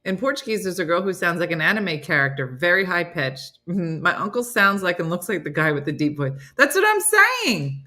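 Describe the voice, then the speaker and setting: A middle-aged woman hosts a casual morning comedy chat, telling stories with lively, animated energy. Her voice sits a little low for a woman, and she often drops into mock voices while she talks. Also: a little fast, hardly any pauses. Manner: animated storytelling, mimics voices in low growls. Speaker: morning show host.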